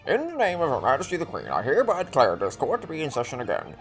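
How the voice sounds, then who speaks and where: A formal older judge speaks in quiet, measured tones, read by a man. His pitch still moves a lot as he runs the game's court. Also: wildly swooping pitch, soft background music.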